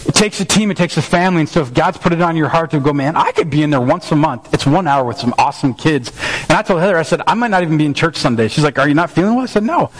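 A man's voice: a little high, animated, racing, rough recording. A man preaching a sermon as a pastor, telling a family story in an earnest, conversational way with frequent restarts. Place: church sanctuary.

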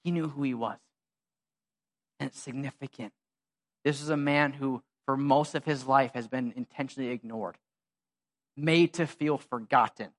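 A pastor preaching a sermon in a conversational, animated way, full of slang and asides. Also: male voice, medium pitch, moderate pace, long pauses. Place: church.

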